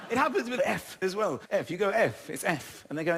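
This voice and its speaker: A man performing stand-up comedy in a theatre, animated and excitable, acting out conversations in put-on voices. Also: high-pitched, brisk, vocal fry, heavy background noise. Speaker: stand-up comedian and show host. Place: large theatre with a live audience. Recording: roomy theatre with loud audience laughter. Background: loud audience laughter.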